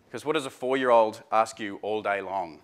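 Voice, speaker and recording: Aussie guy, lowish voice, running a seminar, loose and chatty, lots of uhs. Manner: chatty, informal, many fillers and restarts. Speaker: seminar presenter. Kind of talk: casual workshop talk.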